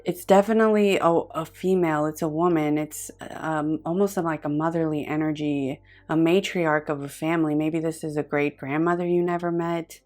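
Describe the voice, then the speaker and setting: A woman with a low voice gives a pick-a-card tarot reading, earnest and effusive. She pauses often and restarts her sentences as she reaches for the right words. Soft music plays faintly behind her. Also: steady tone. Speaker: tarot reader.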